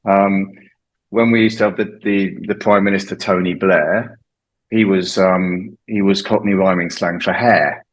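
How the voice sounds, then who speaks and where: A man's voice: deep voice, fairly even intonation, a little slow, rough recording. A middle-aged man from England, an English teacher, chatting casually and explaining slang, laughing often. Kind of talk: casual chat about slang.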